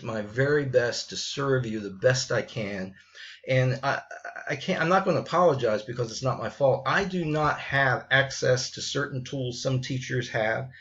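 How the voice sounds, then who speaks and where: A man's voice: mid-range voice, lo-fi sound. A middle-aged man, a college writing teacher, speaking frankly and bluntly to his students in an unscripted message, often restarting his sentences.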